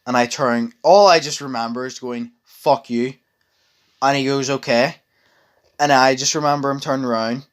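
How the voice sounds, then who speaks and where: A young man tells a long story in a casual chat with a voice of ordinary pitch. He rambles, restarts his sentences often and swears freely. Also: steady tone, a little fast, hardly any pauses, smooth.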